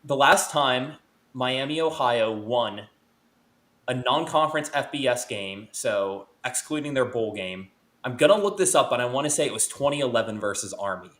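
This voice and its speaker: A man's voice: mid-range voice, lively intonation, moderate pace, fairly bright tone. A man guesting on a podcast, previewing a college football game and reeling off stats and records, correcting himself as he goes. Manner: stat-heavy, self-correcting. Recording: roomy echo.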